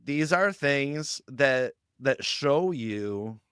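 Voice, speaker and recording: A man with a smooth, resonant voice talks as a podcast guest, building points through stories and slipping into quick quoted voices. The sound is dry and close, with no room around it. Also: mid-range voice, no room sound. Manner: animated storytelling, acts out quoted lines. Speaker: guest on a youth ministry podcast. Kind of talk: conversational podcast interview.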